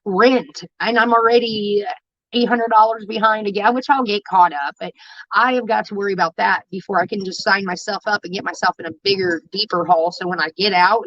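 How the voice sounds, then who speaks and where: Female streamer, unscripted and emotional, heavy profanity, halting delivery; dull, dry home audio. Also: medium pitch, a bit bright, no echo. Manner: raw, emotional, swears constantly, halting restarts. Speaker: livestreamer. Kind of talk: candid livestream talk to viewers.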